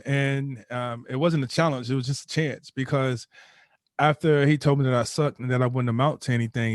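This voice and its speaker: A man in his thirties tells a personal story in a relaxed interview, earnest and emphatic, often stumbling and restarting mid-phrase. His voice sits at an ordinary middle pitch. The recording is dry, with no room echo. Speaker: podcast guest, former football player.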